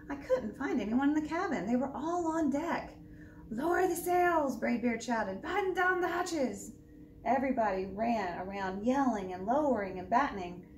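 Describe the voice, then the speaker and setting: A woman librarian reading a picture book aloud for a children's storytime, with lively, expressive narration. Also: medium pitch. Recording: roomy echo, distant mic, faint background hum.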